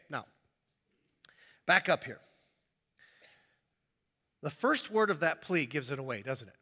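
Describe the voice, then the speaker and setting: A man preaches with a high, bright voice that swings widely in pitch. He acts out little scenes, jumping between voices as he tells his story. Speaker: pastor. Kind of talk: sermon.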